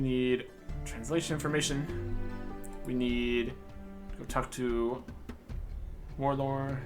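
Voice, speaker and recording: A man giving casual, low-key gameplay commentary, muttering short notes to himself as he plays and reads in-game dialogue aloud. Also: steady tone, slow, long pauses, over music. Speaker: gamer reading dialogue aloud.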